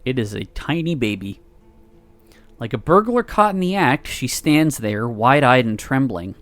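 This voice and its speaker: A man reads a visual novel aloud on a stream, narrating with feeling and tossing in laughing side comments. His voice sits at an ordinary pitch and sounds close and dry. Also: unhurried, dry recording, soft background music. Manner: expressive reading broken by laughs and asides.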